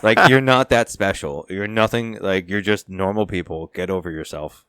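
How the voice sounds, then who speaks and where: A man with a very deep voice talking in a casual podcast conversation. He rambles with fillers and restarts, and he states his views bluntly. His voice sounds dry and close-miked. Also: moderate pace, fairly bright tone, smooth, dry recording. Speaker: podcast co-host. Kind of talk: casual chat.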